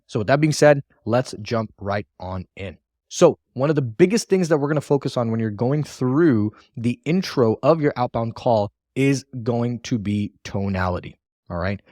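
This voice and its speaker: A man's voice: mid-range voice, darkish tone, no room sound, clean studio sound. A man teaching a recorded sales training lesson in a coaching tone, often checking in with "all right" and "right?".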